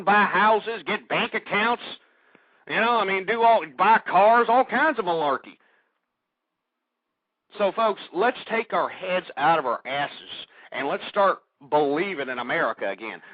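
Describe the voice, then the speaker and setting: A man's voice: high voice, dry recording. A man with a Texan accent hosting a political talk radio show, ranting heatedly, swearing and repeating himself. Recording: dull lo-fi radio recording.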